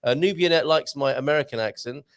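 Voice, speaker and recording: A man's voice: a little high, quick pace. A man from Britain hosting a casual morning live show, joking and reading out viewer comments. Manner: jokey, animated, reads viewer comments aloud. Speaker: show host. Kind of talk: casual live-stream chat.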